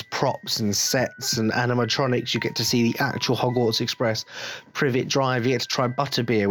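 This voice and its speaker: A man's voice: mid-range voice, slight background noise. A man with an English accent, hosting a podcast in a blunt, jokey rant with free swearing. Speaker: podcast host. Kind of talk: casual rant.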